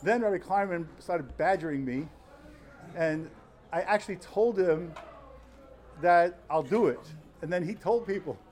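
Young guy w a pretty high voice, telling a story all earnest and animated then starting his talmud class. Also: a little slow. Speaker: yeshiva student giving a Talmud lecture. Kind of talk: informal Talmud lecture with a personal story. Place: study hall before fellow students.

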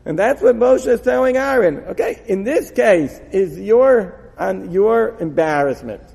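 Man, Torah lecture, lively pitch, echoing hall. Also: measured pace, gravelly, slightly rough. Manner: animated, acts out dialogue, laughs often. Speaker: Torah teacher. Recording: long hall reverb.

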